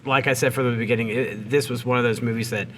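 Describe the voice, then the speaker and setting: A man's voice: mid-range voice, fairly even intonation, fast, fairly bright tone. A man with a mid-range voice speaks as a guest on a podcast. He talks casually about films with hesitant, repeated words. A faint noise hangs behind him. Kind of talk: casual film discussion.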